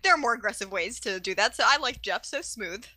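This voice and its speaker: A woman's voice: a little high, expressive, fairly quick, sharp tone, dry recording. A woman co-hosting a podcast, trading dry, sarcastic quips while recapping a cartoon episode. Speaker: podcast co-host.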